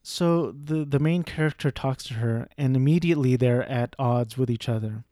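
A man's voice: mid-range voice, moderate pace, mellow, dry recording, clean studio sound. Rambling, profane man reviewing a movie. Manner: rambling, profane, self-deprecating. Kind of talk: casual movie review monologue.

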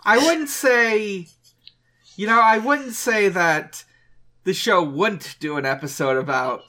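A man's voice: sits high, takes it slowly, pushed and bright. A man co-hosting a casual podcast, recapping an episode with many fillers and restarts. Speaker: podcast co-host. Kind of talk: casual chat.

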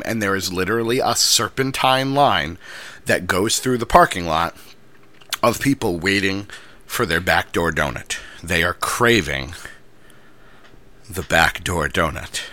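A man chatting casually, reviewing a donut and telling a story in a measured, patient way. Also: lowish voice, bright, forceful tone. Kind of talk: casual chat, food review.

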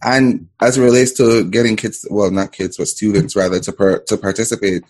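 Husky low-voiced male co-host. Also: little pitch movement, brisk, a little mellow. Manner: hesitant, self-correcting, quippy. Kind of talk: casual podcast chat.

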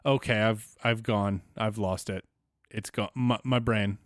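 A man's voice: lowish voice, fairly even intonation, unhurried, dry recording, studio quality. A man co-hosting a podcast in casual chat, playful and riffing on jokes as he goes. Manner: playful, riffs and trails off into jokes. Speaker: podcast co-host. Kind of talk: casual episode recap chat.

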